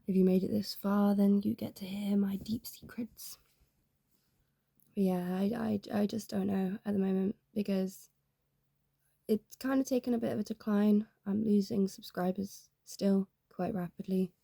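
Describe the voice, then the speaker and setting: Gravelly young woman vlogging. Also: medium pitch, fairly even intonation, moderate pace, warm tone, no room sound, clean studio sound. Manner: rambling and candid, heavy fillers. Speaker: YouTuber. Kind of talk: casual confessional vlog.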